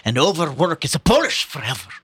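A man's voice: big pitch swings, quick pace, fairly bright tone, slightly rough, heavily acted. A man voicing an old male boar who rallies the farm animals with fiery speeches, in a put-on Russian accent, reading for comedy. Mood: grave. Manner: booming speechmaking, slips out of character into laughter. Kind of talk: comic dramatic reading.

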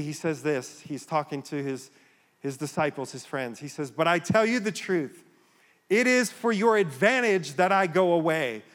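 Male pastor, higher voice, fervent sermon delivery, long reverb of a church hall. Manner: impassioned, rising to emphatic calls. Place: church sanctuary.

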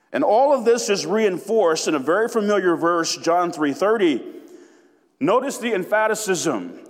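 A man preaching a sermon as pastor, emphatic and deliberate, repeating key phrases for weight. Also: high-pitched, expressive, big-room sound.

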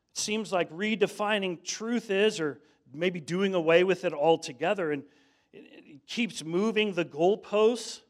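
A man preaching a sermon in a conversational way, telling stories and often saying "man". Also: high voice. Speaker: pastor.

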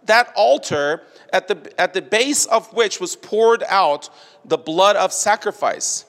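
A man preaching an expository sermon, deliberate and building to emphatic stresses. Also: high voice, expressive, fairly bright tone. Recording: long hall reverb.

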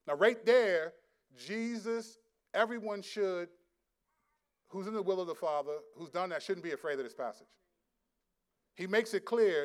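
A man preaching a sermon as a pastor, telling stories in an animated, slangy way and laughing often. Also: high voice, moderate pace, pauses often.

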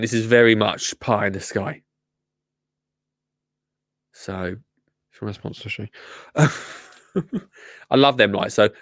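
A man's voice: on the low side, fairly bright tone, no room sound, clean studio sound. A man with an English accent hosting a live show, chatting casually with a jokey, rambling manner. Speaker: show host.

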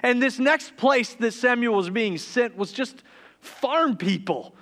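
A man in his thirties preaching a sermon, telling funny, confessional stories that turn quiet and tender. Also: extremely high pitch, lively intonation, takes it slowly. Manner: humorous, confessional storytelling that turns quiet and tender. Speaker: pastor.

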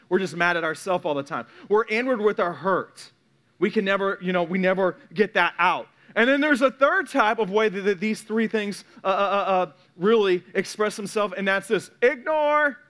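High-voiced man preaching a sermon. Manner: animated, repeats words, acts out quoted voices. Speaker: pastor.

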